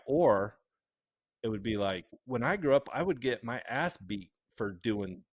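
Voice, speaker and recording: A man's voice: mid-range voice, animated, dry recording. A man talking as a guest on a podcast, thinking aloud and restarting his sentences as he goes. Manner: reflective, halting, with repeated restarts. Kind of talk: casual conversational podcast talk.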